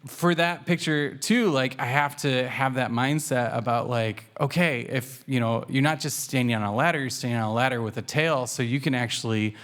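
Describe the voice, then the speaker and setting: A man's voice: medium pitch, moderate pace, hardly any pauses, a bit bright. A man who writes and illustrates children's books, talking enthusiastically in a radio interview and reading from his book. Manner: enthusiastic, chatty with fillers.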